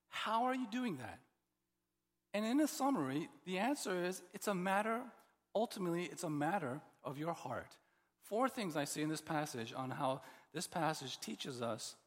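A man preaching a sermon as pastor, expressive and building to emphatic, repeated points. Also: fairly high pitch, slightly rough, long reverb tail.

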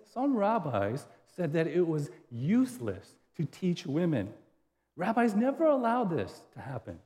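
A pastor with a rather high voice and a darkish tone preaches a sermon conversationally, posing rhetorical questions to his listeners. The recording has hall reverb.

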